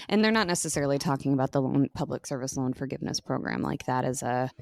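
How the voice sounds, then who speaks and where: A woman's voice: extremely low pitch, steady tone, fast, vocal fry, hardly any pauses, a little mellow, dry recording. A young American woman co-hosting a podcast, chatting casually with lots of "like" and free swearing. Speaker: podcast co-host. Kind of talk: casual chat.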